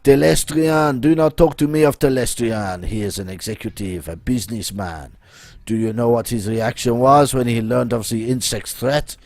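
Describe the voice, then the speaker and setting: A man's voice: mid-range voice, moderate pace, darkish tone, no room sound, close to an everyday voice. A man voicing a grand, scheming male hacker with a put-on French accent, who talks about himself in the third person. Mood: grave.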